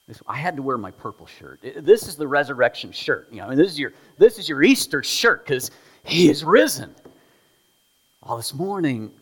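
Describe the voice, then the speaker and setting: A man preaching an Easter sermon, moving between soft prayer and loud, emphatic points. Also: mid-range voice, breathy edge. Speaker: pastor. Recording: long reverb from a large room.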